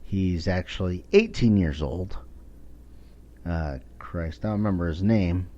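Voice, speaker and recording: A man's voice: sits low, lively intonation, measured pace, dark tone. A man around forty hosting a podcast, giving a blunt, profane casual monologue. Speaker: podcast host. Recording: dull lo-fi recording.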